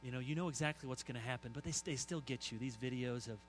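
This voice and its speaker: A middle-aged man preaching a sermon, telling stories and swinging from soft asides to loud emphasis. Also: medium pitch, fast talker, slight background noise, rough recording. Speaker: pastor.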